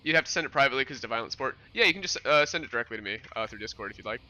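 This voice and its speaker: Very fast and animated, this young New York streamer keeps up casual chatter with his viewers while gaming, rambling on and answering their questions. His voice is mid-range with a sharp tone.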